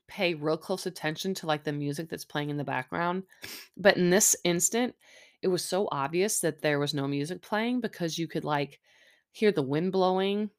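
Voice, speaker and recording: A middle-aged woman hosting a podcast, chatting casually and sarcastically with lots of fillers and asides. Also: on the low side. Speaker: podcast host recapping a reality show. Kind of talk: casual chat. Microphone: close mic, chewing audible.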